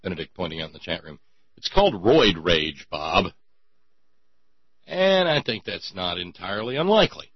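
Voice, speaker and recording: Man, talk radio host, sarcastic, husky voice, lively pitch, dull lo-fi sound. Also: normal speed, no echo. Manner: sarcastic, sighing, stammering repeats.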